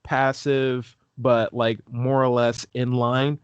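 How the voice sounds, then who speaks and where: A man's voice: mid-range voice, flat delivery, takes it slowly, clean tone, no room sound, lo-fi sound. Chatty young man on a video call. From California. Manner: rambling, lots of "like", acts out quoted voices. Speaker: street epistemologist guest. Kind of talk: casual interview chat.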